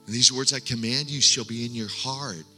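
Bright-voiced man preaching in a hall. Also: mid-range voice, steady tone. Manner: earnest, halting restarts, drops to hushed tones. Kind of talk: sermon with personal testimony. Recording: long hall reverb, faint music.

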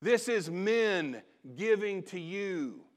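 A middle-aged man, a pastor, telling a personal story in a sermon, animated and then dropping to quiet asides. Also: high voice, takes it slowly.

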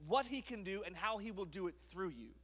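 A man in his thirties from Canada, preaching a sermon and telling lively stories, acting out his own voice and others' in quotes. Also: high-pitched, a little fast. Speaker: pastor. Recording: long reverb of a large hall.

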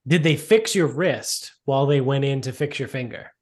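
A man asking blunt, casual questions and laughing along in a relaxed chat. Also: mid-range voice, normal speed.

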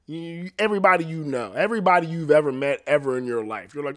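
Profane rambling man, slightly high voice. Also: fast. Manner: profane, rambling, laughs often. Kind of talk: casual chat.

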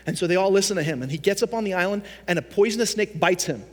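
A pastor with a high, bright voice delivers a sermon, and his words ring out with a long reverb from the church hall. He tells stories with animation and slips into the voices of the people he quotes. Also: expressive, quick pace.

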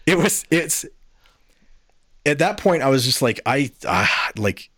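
A man's voice: medium pitch, very animated, measured pace, fairly bright tone, no echo, clean studio sound. A man hosting a podcast, giving a casual, exasperated and profane review rant. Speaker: podcast host.

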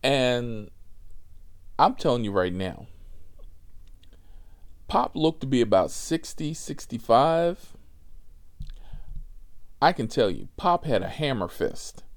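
A man tells a personal story in a slow, unhurried way, his pitch jumping around with lively energy. He talks profanely and animatedly, tossing in laughing asides as he goes. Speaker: rideshare driver.

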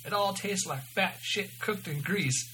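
A man's voice: sits high, unhurried, pushed and bright, a little hiss or hum, pitched above the performer's own voice, rough recording. A man voicing a frail, worn-out female diner waitress who talks in a brassy, blunt way, with a Southern accent. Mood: brusque.

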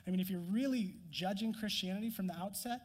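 A man preaching a sermon as a pastor, earnest, rising to emphatic peaks and dropping to quiet. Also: high-pitched, quick pace, long reverb tail. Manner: earnest, rises in emphasis then drops quiet.

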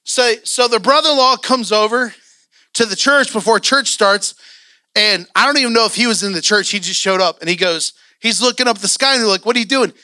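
A man preaching in a church, telling a story in a lively sermon style with acted-out quotes. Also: sits high, brisk, smooth, no room sound, clean studio sound. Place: church sanctuary.

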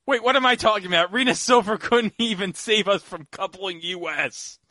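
A man's voice: high-pitched, moderate pace, no room sound, clean studio sound. A man co-hosting a podcast, joking around in casual chat. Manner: joking, lively. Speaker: podcast co-host.

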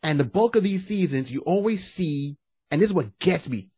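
A man co-hosting a casual podcast, animated and breaking into quoted voices as he talks. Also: fairly high pitch, moderate pace, slightly rough, no room sound. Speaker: podcast co-host. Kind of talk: casual chat.

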